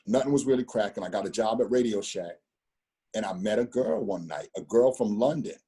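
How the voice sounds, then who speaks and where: Middle-aged storyteller, fifties, husky and dark-toned, loose rambling delivery full of slang and restarts. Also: male voice, fairly low pitch, brisk. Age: 50s. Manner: rambling, repeats words, street slang. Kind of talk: casual storytelling conversation.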